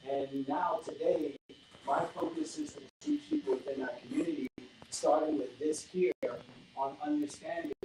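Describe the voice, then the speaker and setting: A panelist in a barbershop talk, speaking earnestly and emphatically and posing rhetorical questions. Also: mid-range voice. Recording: echoey room, distant mic, noisy.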